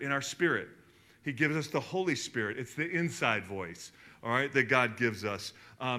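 A man preaching a sermon to his congregation, telling stories animatedly, with sudden jumps in loudness. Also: a little high. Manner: animated storytelling, emphatic swings in loudness. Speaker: pastor. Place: church hall in front of a congregation.

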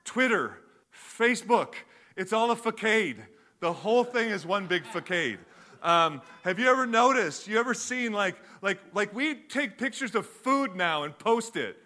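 A man's voice: sits high, bright, forceful tone. A man preaching a sermon as a pastor, talking conversationally with many fillers and restarts.

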